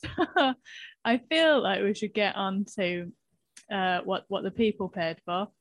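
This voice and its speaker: A woman hosting a podcast in casual chat, laughing easily and answering her guest with quick short replies. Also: medium pitch, expressive, no room sound. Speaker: podcast host.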